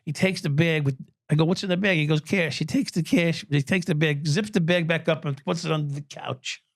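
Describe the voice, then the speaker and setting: A man, telling profane, animated stories as an interview guest and at times breaking into shouts. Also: a little high, a little fast, dry recording, studio quality. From United States. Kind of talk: storytelling interview.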